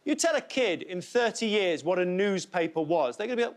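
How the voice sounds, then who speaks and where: A man's voice: high-pitched, lively intonation, brisk. A man doing a stand-up routine on a studio stage, incredulous, acting out imagined exchanges. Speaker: comedian.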